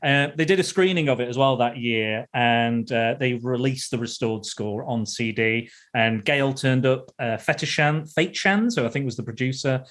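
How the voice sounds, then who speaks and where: At a moderate pace with hardly any pauses, a man with a mid-range, fairly bright voice hosts a podcast. His talk is a casual film review, full of repeated and restarted phrases.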